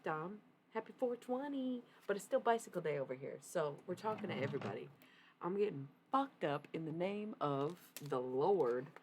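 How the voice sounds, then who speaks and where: A woman doing a casual livestream reading, rambling, excitable and profane. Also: sits low, a little hiss or hum, rough recording.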